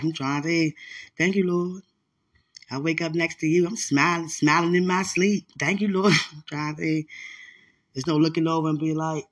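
A woman's voice: low-pitched, vocal fry, fairly bright tone, husky. A woman hosting a podcast, chatting casually into her phone while getting dressed at home, playful and teasing, and a little out of breath. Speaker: podcast host.

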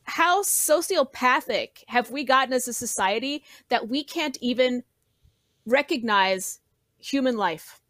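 A woman's voice: sits high, animated, unhurried, fairly bright tone, no echo. A woman guest panelist speaking with indignant emphasis in casual podcast talk.

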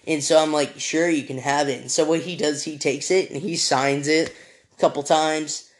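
A man's voice: a little high, steady tone, normal speed. A young man hosting a podcast, telling a story casually with many fillers, restarts and small apologies. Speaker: podcast host.

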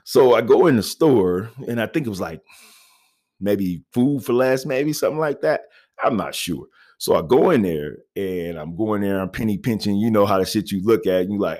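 A storyteller with a lowish, expressive voice shares a personal anecdote at a moderate pace, laid-back and slangy. He laughs a lot and keeps checking in with "you know what I mean."

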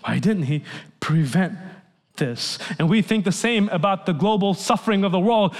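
A male pastor preaching an earnest sermon, telling stories and dropping to a soft, hushed voice when he quotes people. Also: a little high, big pitch swings, normal speed. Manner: earnest storytelling preacher, drops to soft near-whispers for quotes. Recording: long hall reverb.

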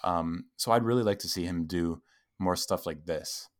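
A man's voice: low-pitched, moderate pace. A man co-hosting a casual film podcast, speaking thoughtfully with frequent ums. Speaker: podcast co-host.

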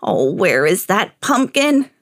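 Mom doing a croaky cranky ancient old guy, slow and whiny, voice jumping all over. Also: mid-range voice, very animated. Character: croaky grumpy old man, eight hundred years old.

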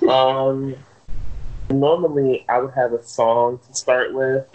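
A man's voice: mid-range voice, flat delivery, darkish tone, muffled recording. A man co-hosting a casual podcast over an internet call, teasing and joking as he opens the show. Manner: playful, teasing, drawn-out intros. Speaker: podcast co-host. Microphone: remote call, Skype.

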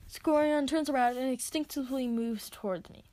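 A woman reading her own story aloud, expressive as she narrates. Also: high voice, moderate pace. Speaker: reader.

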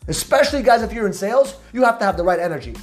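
A man hosting a motivational podcast, talking loudly and emphatically with high energy and casual slang. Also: lively intonation, very fast, soft background music. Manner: repetitive, hype-driven street slang. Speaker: podcast host.

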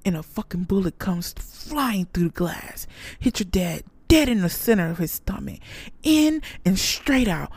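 A woman's voice: lowish voice, animated, moderate pace, a little mellow, breathy edge, dry recording. A woman hosting a casual podcast, answering a listener letter and telling a brash, profane comic story full of sound effects. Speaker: podcast host.

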